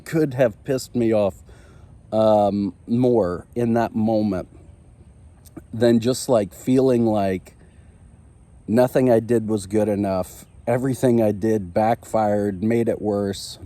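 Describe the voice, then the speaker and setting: A man's voice: on the low side, dark tone. A man in his thirties hosting a marriage show, telling a personal story in a candid, confessional way with frequent ums and uhs. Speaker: marriage podcast host.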